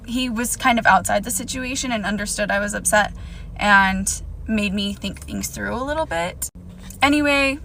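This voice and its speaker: Woman, young adult, storytime vlog, gravelly fry, indignant, bright tone. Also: mid-range voice, low-quality recording. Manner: emphatic, indignant retelling. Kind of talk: storytime to camera.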